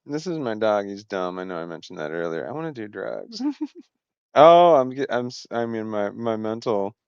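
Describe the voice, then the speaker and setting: A man talks loosely on a home livestream, drifting between thoughts, cutting himself off and laughing. His voice is smooth and mid-pitched. The sound is dry and a bit muffled, like a basic home mic. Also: expressive, normal speed, no room sound. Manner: scattered and self-interrupting, swearing, laughing often. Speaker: livestream host. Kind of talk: rambling casual livestream chat. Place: home, indoors.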